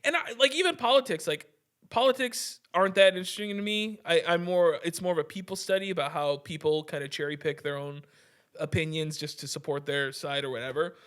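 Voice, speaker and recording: High-voiced man ranting on a podcast. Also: fairly quick, fairly bright tone. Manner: heated, profane, restarts often, says "dude" a lot. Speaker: podcast host. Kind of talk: casual ranting podcast monologue.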